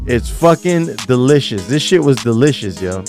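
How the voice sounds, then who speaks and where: A young man talking casually as a vlogger, slangy and excitable, swearing freely and whooping loudly. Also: mid-range voice, moderate pace, faint music behind. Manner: swears casually, many fillers. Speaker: vlogger describing a food trip. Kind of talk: casual chat over photos. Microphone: studio mic.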